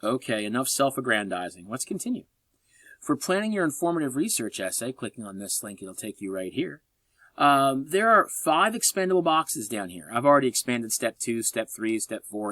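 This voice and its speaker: Man, college English instructor, recorded lecture voice-over, animated delivery with wry asides, dry close sound. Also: medium pitch, moderate pace, dry recording. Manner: lively, joking asides, sarcastic.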